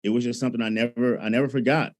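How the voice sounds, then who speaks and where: A man from Alabama, a choral conductor telling stories in a lively, conversational way. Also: medium pitch, very fast, slight background noise. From Alabama, USA. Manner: animated storyteller, acts out his own past thoughts. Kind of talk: conversational storytelling.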